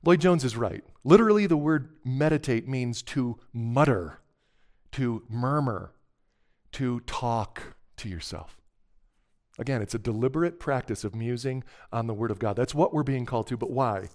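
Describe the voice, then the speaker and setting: A man's voice: medium pitch, fairly quick, few pauses, a little mellow. A middle-aged man preaching a sermon as pastor, talking in a conversational, earnest way and breaking into emphatic bursts.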